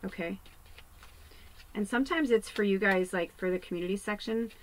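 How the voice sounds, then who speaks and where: A woman, a psychic medium, giving a casual spiritual card reading in a rambling, animated way that keeps dropping into hushed asides. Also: medium pitch, moderate pace, a little hiss or hum, poor audio.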